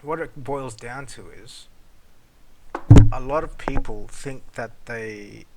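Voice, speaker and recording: A man in a casual solo rant, blunt and heavy on profanity. His voice sits at an ordinary middle pitch and swings from loud bursts to low mutters. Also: slow pace, heavy background noise. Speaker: podcast host. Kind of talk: casual ranting monologue.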